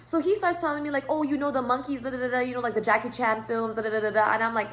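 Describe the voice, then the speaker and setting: Woman vlogger with a slightly high voice telling a rambling, profanity-heavy story to camera, acting out both sides of the conversation. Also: racing, hardly any pauses. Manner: rambling, profane, animated retelling. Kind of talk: casual storytime monologue.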